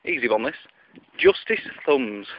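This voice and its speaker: A man's voice: mid-range voice, very animated, unhurried, dry recording. A man telling a solo ramble of corny jokes, chatty and mocking himself, on a dull lo-fi recording. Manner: self-mocking, chatty, groans at own puns. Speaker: joke teller.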